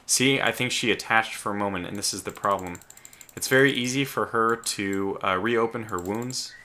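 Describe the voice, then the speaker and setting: A let's play host with a lowish, sharp-toned voice talks at a moderate pace through his gameplay. He thinks aloud, stumbling into restarts and breaking into sudden exclamations while keyboard clicks sound behind him.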